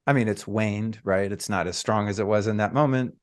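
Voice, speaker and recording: A man hosting a podcast, telling a personal story in a casual, reflective way with drawn-out phrases. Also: lowish voice. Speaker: podcast host.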